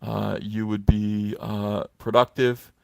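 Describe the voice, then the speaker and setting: Here a middle-aged man's lowish, gravelly voice comes through clear and resonant, slow and level in tone, in studio quality with no echo. He's a comics commentator recording a casual vlog on a phone set on a stand, giving sarcastic, mocking takes in a wandering style loaded with fillers.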